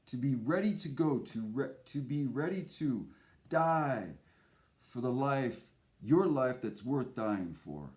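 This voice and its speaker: Intense man preaching slowly. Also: medium pitch, dark tone. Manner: intense, emphatic, repetitive. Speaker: speaker. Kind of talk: impassioned spiritual monologue.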